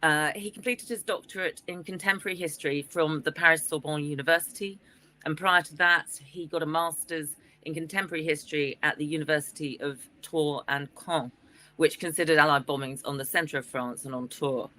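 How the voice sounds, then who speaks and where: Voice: mid-range voice, steady tone, brisk, bright, forceful tone. A conference chair politely introducing the next speaker in a formal way, with frequent hesitations.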